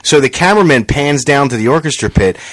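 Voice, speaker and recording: A man's voice: mid-range voice, quick pace, no room sound. Dry-sounding man telling a story. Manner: animated storyteller, acts out quotes, swears. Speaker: podcast co-host. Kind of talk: casual chat.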